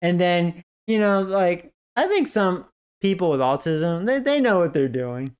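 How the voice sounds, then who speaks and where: A man's voice: high voice, very animated, measured pace, clear, resonant tone. A man streaming a game who chats casually, rambling and profane, with lots of "like" fillers and bursts of laughter. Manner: breaks into laughter. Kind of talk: casual storytelling chat.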